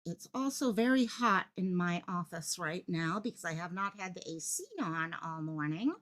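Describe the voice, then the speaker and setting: Excited, bright-voiced woman streaming live. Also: lowish voice, moderate pace. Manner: excited, breathless, jumps between thoughts. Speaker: livestream host covering a missing-child case. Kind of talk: live-stream commentary, reading chat. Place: her home office.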